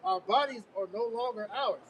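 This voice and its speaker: A man's voice: very high-pitched, normal speed. A man on a live outdoor broadcast, talking emphatically in slang and reading passages aloud. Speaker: co-host of a live street broadcast. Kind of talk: live-stream discussion. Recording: distant mic with faint street noise.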